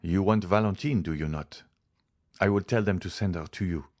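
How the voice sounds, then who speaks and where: A grave male doctor speaks in a low, steady voice, laying out his case with measured insistence, as a male narrator reads him. The voice stays close to the reader's own, deep and unhurried. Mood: calm authority. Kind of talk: audiobook character voice.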